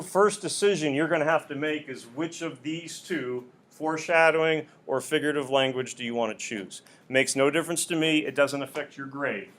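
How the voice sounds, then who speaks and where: A male high school English teacher explaining an assignment to his class, patient and repeating key points. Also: a bit bright. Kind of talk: classroom instruction.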